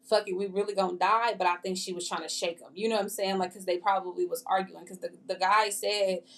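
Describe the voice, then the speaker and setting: A woman's voice: on the low side, fairly even intonation, quick pace, fairly bright tone, distant mic. A woman co-hosting a podcast in casual chat, blunt and opinionated. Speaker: podcast co-host.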